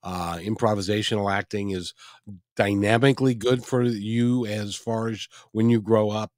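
A man's voice: on the low side, steady tone, normal speed, no echo, clean studio sound. A man hosting a podcast, asking questions in casual chat and laughing often. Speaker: podcast host.

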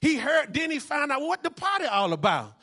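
Male pastor, high bright voice, call-and-response preaching. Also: very animated, brisk. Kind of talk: sermon.

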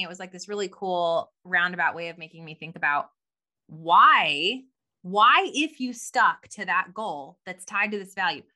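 A woman co-hosting a casual podcast chat, animated and laughing often, with many "like" fillers. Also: mid-range voice. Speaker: podcast co-host.

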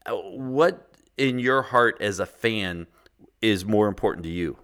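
A man's voice: on the low side, measured pace, fairly bright tone. A man hosting a chat, asking eager, long-winded questions. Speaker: podcast host. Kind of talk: casual interview questions.

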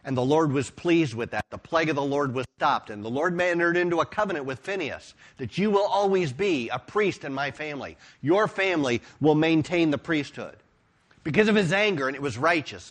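Man preaching an expressive sermon. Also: on the high side. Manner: emphatic, expressive storytelling preaching. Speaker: pastor.

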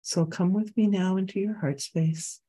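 A spiritual healer leading a workshop talk, weaving chanted syllables into plain speech with a gentle, guiding tone and easy laughs. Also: mid-range voice, fairly even intonation, normal speed, breathy edge.

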